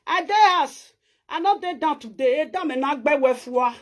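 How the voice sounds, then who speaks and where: A woman speaks in a Nigerian Pidgin accent with a high, bright voice. She chats in a casual, boastful way in her home-tour video and laughs often. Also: lively intonation, normal speed. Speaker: vlogger.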